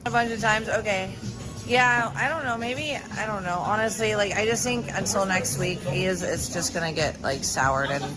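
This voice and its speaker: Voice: mid-range voice, normal speed, hardly any pauses, music in the background. A streamer rambling and complaining in casual livestream talk. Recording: noisy livestream clip.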